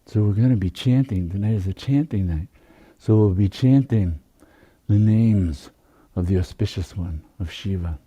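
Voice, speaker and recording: A man giving a slow, soft-spoken spiritual talk as a meditation teacher, with unhurried, drawn-out phrasing. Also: on the low side, breathy edge.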